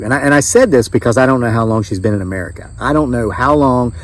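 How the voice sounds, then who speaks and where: A man in his fifties, a vlogger and veteran, telling a story in a casual, folksy, emphatic way. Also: medium pitch. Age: 50s. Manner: animated, emphatic, folksy, with quick swings in loudness. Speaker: homesteading vlogger and disabled veteran.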